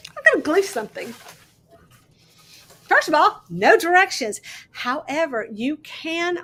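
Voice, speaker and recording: Sleep-deprived woman rambling on her craft livestream, high bright voice, chatty. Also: big pitch swings, a little slow. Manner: chatty, thinks aloud, greets viewers. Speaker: host of a miniatures crafting livestream. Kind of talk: casual livestream chat.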